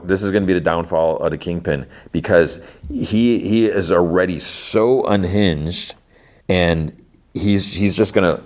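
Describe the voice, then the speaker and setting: Deep-voiced male podcast host, casual and animated recapper. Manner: animated retelling, acting out lines.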